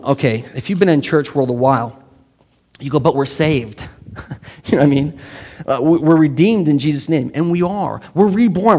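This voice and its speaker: A man's voice: a little high, a little mellow. A man preaching a sermon to his congregation in a conversational way, often putting questions straight to the people in the pews. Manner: conversational, quizzes the congregation directly. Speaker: pastor. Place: church sanctuary. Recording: long reverb of a large hall.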